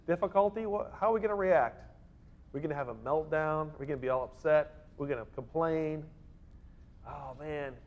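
A man's voice: on the high side, darkish tone. A man preaching a sermon as pastor, acting out little voices in his stories. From Northern California. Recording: dull lo-fi sound.

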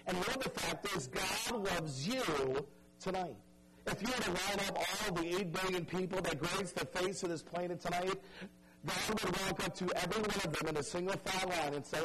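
A man preaching a sermon, telling a story dramatically and pleading earnestly with his listeners, dropping soft and stretching key words for emphasis. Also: high-pitched, normal speed, over loud music, rough recording. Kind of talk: evangelistic sermon.

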